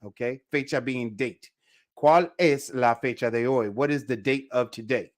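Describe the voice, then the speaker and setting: An easygoing man leads a live online Spanish class in a mid-range voice. He talks casually to his viewers and slows down to repeat Spanish phrases clearly for pronunciation. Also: mid-range voice. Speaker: Spanish teacher. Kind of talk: live online language lesson.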